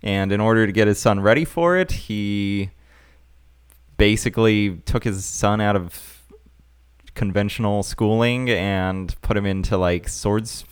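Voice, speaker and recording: A man's voice: lowish voice, measured pace, clear, resonant tone, no echo, studio quality. A young man co-hosting a casual comedy podcast, joking and rambling through stories. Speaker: podcast co-host.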